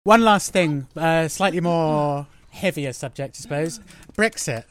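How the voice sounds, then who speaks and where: A man's voice: a little high, a little slow, fairly bright tone. A man hosting a casual podcast, chatty and jokey, playfully mimicking other people. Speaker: podcast host. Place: restaurant table with guests.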